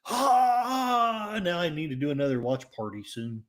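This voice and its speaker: A man's voice: mid-range voice, expressive, fast talker. A man with an Oklahoma accent hosting a casual livestream, reading chat comments in a rambling, jokey and self-mocking way. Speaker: livestream host.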